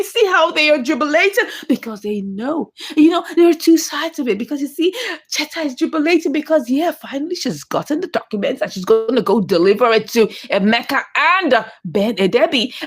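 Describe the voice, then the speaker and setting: A woman's voice: sits high, a bit bright. A woman recapping a movie scene by scene, reacting with dramatic exclamations. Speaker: movie reviewer.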